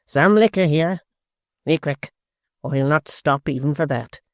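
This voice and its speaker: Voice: mid-range voice, dry recording, close to an everyday voice. A reader voicing Gashford, a silky sneering schemer. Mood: sly. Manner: silky, slow and cold, sometimes near a whisper. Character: smooth, sly, sneering male secretary. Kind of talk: audiobook character voice.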